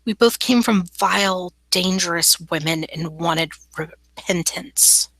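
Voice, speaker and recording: A woman voicing a gentle, earnest young woman knight, speaking slowly and softly. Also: fairly low pitch, no echo, heavily acted, low-quality recording.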